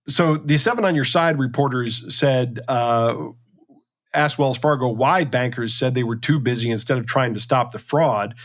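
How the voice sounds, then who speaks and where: A man's voice: medium pitch, normal speed. A man co-hosting a podcast, retelling a news story in a casual, indignant and sarcastic way. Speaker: podcast co-host. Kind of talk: casual chat.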